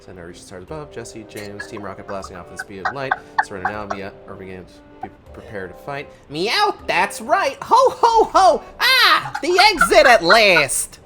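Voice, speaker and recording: A woman's voice: a bass voice, huge pitch swings, normal speed, hardly any pauses, loud music behind the voice, pitched above the performer's own voice, exaggerated voice. A woman voicing a brash, scheming male cartoon cat, reading game dialogue in a nasal, brassy put-on voice. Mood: theatrical.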